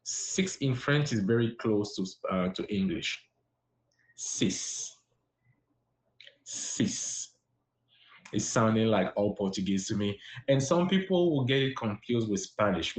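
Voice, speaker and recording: A man teaching a live-streamed French lesson, patiently encouraging his viewers and repeating words slowly. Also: fairly low pitch, animated, roomy sound. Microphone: live-stream app.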